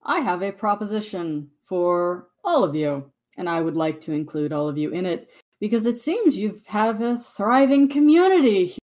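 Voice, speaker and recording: A woman voicing a courteous male envoy in a tabletop game, speaking in polite, measured, flattering terms. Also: mid-range voice, lightly acted.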